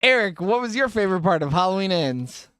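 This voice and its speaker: A man with a high, light voice hosts a loose movie review chat, laughing a lot and cursing freely. His voice sits close and dry, with no room sound around it. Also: expressive, fairly quick, a bit bright, clean tone, no echo. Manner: laughs often, swears freely. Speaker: podcast host asking the review questions.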